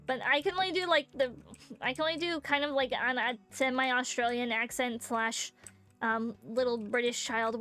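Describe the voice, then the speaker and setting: Animated woman streamer, high-pitched, chatty gaming commentary. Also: moderate pace, soft background music. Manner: animated, chatty, laughing, fixes her own slips.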